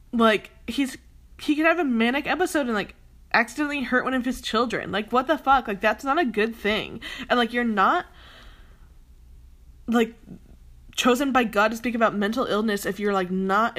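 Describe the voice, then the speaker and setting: A woman's voice: a little high, a bit bright. A young woman ranting heatedly in a commentary vlog, emphatic and swearing often, with a lot of "like" fillers. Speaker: commentary vlogger.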